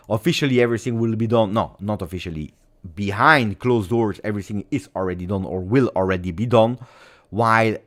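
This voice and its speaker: A man hosting a fan channel, chatting casually on a livestream, rambling with fillers and self-corrections. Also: sits low.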